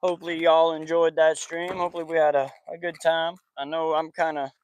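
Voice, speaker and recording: Out by his backyard and porch, this thirtysomething football podcast host keeps up a casual vlog chat full of loose slang, occasionally telling off his kids and dog. He speaks briskly and flatly in a fairly high voice. A little hiss or hum sits under the recording.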